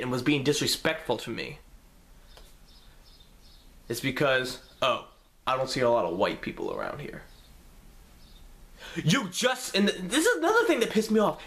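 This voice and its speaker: A young man tells a personal story to his camera in a loose, profane, lively way. His voice sits a little high for a man, and it jumps up and down as he acts out what others said. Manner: animated, profane, acts out quotes with pitch jumps. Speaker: vlogger.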